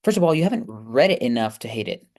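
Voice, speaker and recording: A man's voice: medium pitch, big pitch swings, fast, creaky, darkish tone. A man hosting a casual book review video, reading reviews aloud and answering them with chatty, sarcastic commentary and frequent laughs.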